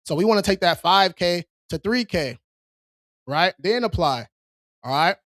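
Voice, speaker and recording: A man's voice: sits high, expressive, measured pace, a bit bright, no echo, clean studio sound. A man hosting a live stream, reading viewers' questions aloud and answering them in a casual, streetwise way. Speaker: credit repair livestream host.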